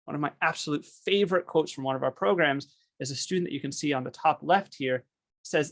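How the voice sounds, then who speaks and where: A man's voice: a little high, fairly quick, gravelly. A man giving a webinar presentation over a video call, telling stories with enthusiasm. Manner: enthusiastic, storytelling. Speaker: esports program presenter.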